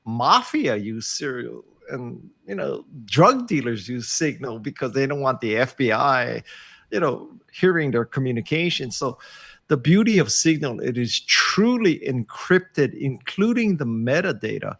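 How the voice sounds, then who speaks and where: A man's voice: mid-range voice, animated, measured pace, creaky, fairly bright tone, husky. An older man talking as a guest on a video call, wry and self-deprecating, often emphatic. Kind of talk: casual interview over video call.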